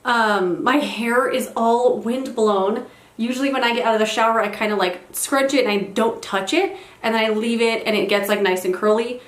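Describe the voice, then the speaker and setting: A young woman vlogs from her bedroom in a slightly high voice, rambling happily and tossing out self-deprecating asides. The camera mic picks up a lot of room echo. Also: moderate pace. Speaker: beauty vlogger. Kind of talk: casual get-ready-with-me chat. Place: bedroom at home.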